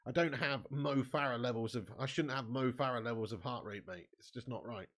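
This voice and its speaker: A man's voice: mid-range voice, fairly quick. A man hosting a live football watch-along, chatting casually with viewers and calling them mate and lad. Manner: erupts into angry shouting at the match.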